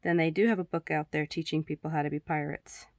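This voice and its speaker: A woman reading aloud, voicing a tall, gentle man who is troubled but fond, in a low, dry voice. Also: fairly even intonation, fast talker, dry recording. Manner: mild, genuine.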